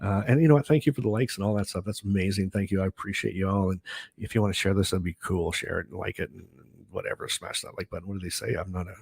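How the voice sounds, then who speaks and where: A man's voice: low-pitched, level tone, fast talker, creaky, breathy edge, dry recording. A middle-aged man hosting his own video, telling a personal story in a rambling, chatty way full of fillers and restarts. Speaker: host.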